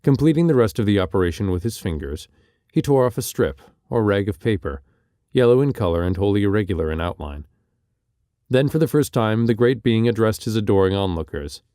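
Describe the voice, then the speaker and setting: A man narrating an audiobook in a measured, expressive literary reading style. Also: lowish voice, dry recording, clean studio sound.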